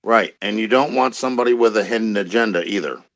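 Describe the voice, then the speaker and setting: An older man speaks in a low voice, plain and explanatory. He keeps adding "you know" as he makes his point. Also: quick pace, creaky, lo-fi sound. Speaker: guest in a played clip. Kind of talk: casual talk.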